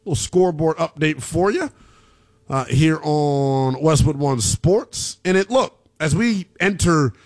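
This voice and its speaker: A man hosting a sports talk radio show, emphatic and slangy, with an excitable delivery. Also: fairly high pitch, measured pace.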